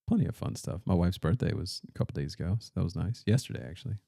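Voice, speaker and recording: A man's voice: low-pitched, lively intonation, fast, vocal fry, dark tone, no room sound, studio quality. A man co-hosting a podcast, chatting casually and telling rambling, self-deprecating stories into a podcast mic. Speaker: podcast co-host.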